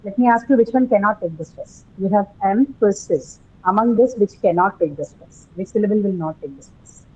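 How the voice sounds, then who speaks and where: A woman's voice: medium pitch, fairly quick, darkish tone, slightly rough. A woman teaching an English pronunciation class, often checking with "right?" and quizzing her students. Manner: tags statements with "right?", questions students. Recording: dull lo-fi recording.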